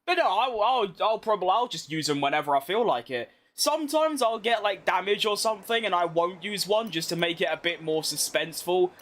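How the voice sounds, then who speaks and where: Young man, high voice, casual gameplay commentary, self-mocking, rambling, loud game noise behind. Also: lively intonation, fairly quick, hardly any pauses. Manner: chatty, self-mocking, restarts often. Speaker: gaming video creator.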